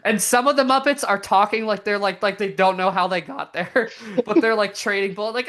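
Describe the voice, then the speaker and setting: A young woman co-hosting a podcast, chatting casually in an animated, giggly way with lots of fillers. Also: medium pitch, brisk. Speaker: podcast co-host. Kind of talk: casual chat.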